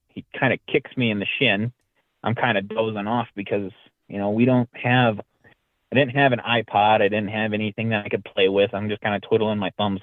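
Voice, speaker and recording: He's a podcast guest with a fairly low pitch, retelling a story in an easygoing, animated manner and voicing the quotes himself. There's no room sound; the recording is dry and thin, like a phone call.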